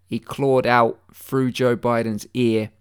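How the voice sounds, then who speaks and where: A man delivers a deadpan satirical conspiracy monologue, mock-earnest and rambling, full of stammered restarts and swearing. His voice is medium-pitched, smooth, and slow.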